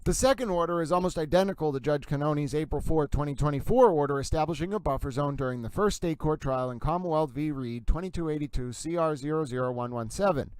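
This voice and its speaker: A man hosting a casual livestream, reading viewer comments aloud and reacting to a court ruling in an animated, gossipy way. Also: fairly high pitch, fast, few pauses, smooth, dry recording.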